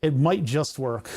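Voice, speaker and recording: A man's voice: medium pitch, dark tone, breathy edge. A man streaming while he builds electronics, thinking aloud in a rambling, jokey way as he works through each technical step. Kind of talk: casual live-stream chat while working.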